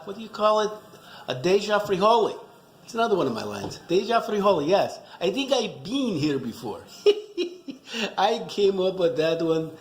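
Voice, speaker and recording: A middle-aged wine vlogger with a slightly high, gravelly voice goes on a rambling, self-mocking comic rant about wine, joking loosely throughout. The room is echoey, with slight background noise.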